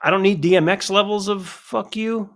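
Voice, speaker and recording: A man's voice: sits high, fast talker. A man co-hosting a wrestling podcast, rambling and swearing in casual chat. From United States. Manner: rambling, profane, animated. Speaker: podcast co-host.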